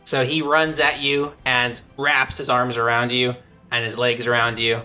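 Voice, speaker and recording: A man running a tabletop game as dungeon master, narrating the action and reading rules aloud in a steady, explanatory way. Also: mid-range voice, a little slow, faint music behind.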